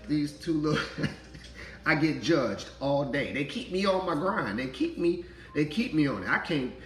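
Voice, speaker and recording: A man, in his thirties, giving an animated spiritual monologue about parenting and laughing as he acts out voices. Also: on the high side, normal speed, reverberant, faint music behind, rough recording. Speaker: spiritual vlogger, father.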